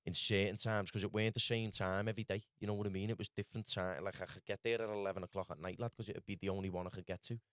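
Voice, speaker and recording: A man with a Scouse accent telling his story rapidly in casual podcast chat, peppered with lad and bro. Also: lowish voice, steady tone, fairly bright tone, clear, resonant tone, no room sound, clean studio sound. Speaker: podcast guest.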